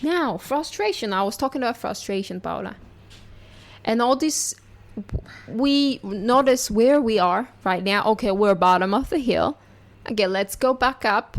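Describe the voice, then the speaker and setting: A woman's voice: fairly high pitch, animated, unhurried. A young woman hosting a podcast, a mother who speaks to listeners in an earnest, reassuring, encouraging way.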